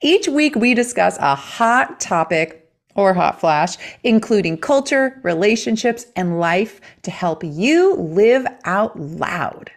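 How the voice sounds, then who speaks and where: A woman in her late forties co-hosting a podcast, asking questions in an enthusiastic, animated way. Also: mid-range voice, slow, creaky. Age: 40s. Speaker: podcast co-host. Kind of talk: casual chat.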